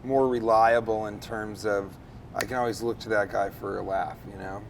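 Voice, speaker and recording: A man's voice: fairly low pitch, fairly even intonation, normal speed, vocal fry, noisy background. A man in his thirties, an actor chatting loosely in an interview, rambling and joking as he acts out bits. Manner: rambling, jokey, acts out other people's lines. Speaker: interview guest, comedic actor. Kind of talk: casual interview chat.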